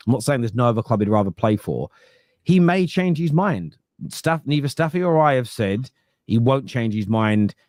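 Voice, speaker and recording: This podcast host, a fan pundit on a casual football show, has a medium-pitched, somewhat dark voice recorded in studio quality with no echo. He argues emphatically and trips over repeated words when starting sentences.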